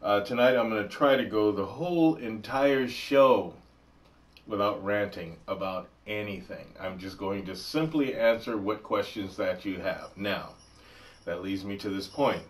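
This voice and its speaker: A man hosting a livestream, explaining his rules in a joking, deliberate way. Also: fairly low pitch, recorded from a distance. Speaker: livestream host answering spiritual questions. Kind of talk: casual livestream talk.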